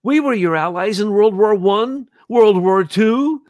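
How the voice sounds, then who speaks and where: A man's voice: high voice, lively intonation, measured pace, darkish tone, dry recording, clean studio sound, pitched above the performer's own voice. A man voicing an aggrieved Russian male head of state in a put-on Russian accent, pleading with repeated questions.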